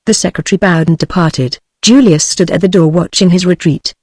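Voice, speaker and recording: A synthetic text-to-speech woman's voice with a British English accent, narrating a novel at a steady, even pace. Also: fairly low pitch, fairly quick, dry recording. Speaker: audiobook narrator.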